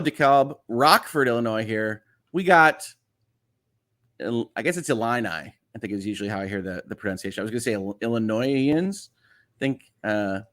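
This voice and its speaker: A man's voice: mid-range voice, fairly bright tone. A man with a slightly nasal Chicago accent, hosting a casual livestream, reading viewer messages aloud and rambling along with lots of "uh" fillers and restarts. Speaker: livestream host.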